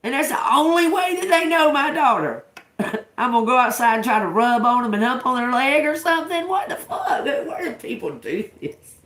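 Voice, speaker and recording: This high, fairly bright female voice is expressive and moves at a normal speed. The speaker, a tarot reader and mother of a grown daughter, chats through stories on a livestream with plenty of cursing and laughter, and the audio carries a roomy echo.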